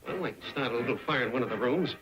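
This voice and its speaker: An actor playing a brash, scheming inventor husband in a 1930s film comedy, wheedling and pushy. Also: male voice, medium pitch, animated, very fast, lightly acted. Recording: scratchy 1930s film soundtrack with music.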